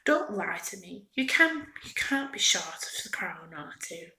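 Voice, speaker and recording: A woman voicing an erratic, pushy male street toy maker in a soft whispered role-play. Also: mid-range voice, steady tone, measured pace. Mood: scornful. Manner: wheedling, turns scornful.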